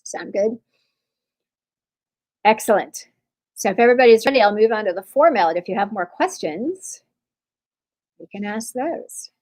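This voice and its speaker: A woman's voice: medium pitch, lively intonation, normal speed, pauses often, darkish tone, rough recording. A woman giving an online percussion clinic, chatty and reassuring, with many fillers and restarts. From Texas. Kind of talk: online masterclass talk.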